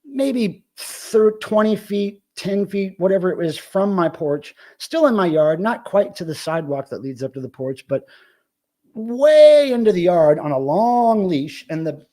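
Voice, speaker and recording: Excitable male host with a high, bouncy voice, ranting profanely while telling a story. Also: a little slow. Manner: animated, profane, excitable rant. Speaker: live show host. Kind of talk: casual storytelling on a live stream.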